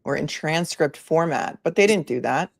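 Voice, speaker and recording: Low-voiced woman giving legal commentary. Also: animated, moderate pace, gravelly. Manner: conversational, reads documents aloud with asides. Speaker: attorney and channel host. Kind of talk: legal commentary, reading court filings aloud.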